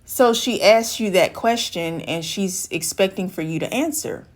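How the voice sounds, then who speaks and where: A life coach speaks directly to camera with advice, walking through an everyday situation in a medium-pitched voice at a measured pace. She acts out the dialogue, changing her voice when quoting the women involved.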